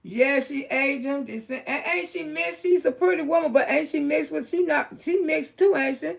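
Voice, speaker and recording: A middle-aged woman with a Southern US accent, hosting a casual livestream and talking bluntly, dropping low and then rising to loud exclaims. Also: moderate pace, gravelly. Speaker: livestream host.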